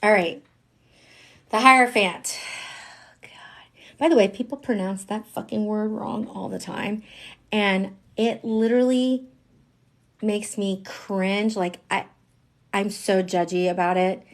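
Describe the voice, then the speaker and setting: A woman giving a casual live-stream tarot reading, chatty and candid, swearing freely and swinging between loud bursts and near whispers. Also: slow, pauses often. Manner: chatty, candid and profane, with frequent fillers; animated, jumping in pitch and loudness, sometimes dropping to a whisper. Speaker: tarot reader.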